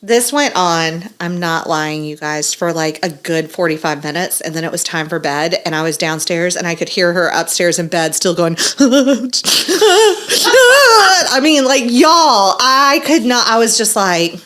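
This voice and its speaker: Animated woman, lowish voice. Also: measured pace. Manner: animated storyteller, acts out quotes, swears freely. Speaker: podcast host. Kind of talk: casual podcast chat.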